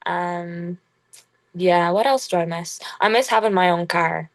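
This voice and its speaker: Laid-back young Irish woman, low voice. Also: a little slow, no room sound. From Kilkenny, Ireland. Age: young adult. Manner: chatty, laid-back, full of fillers. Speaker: college basketball player, guest. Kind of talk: casual interview chat.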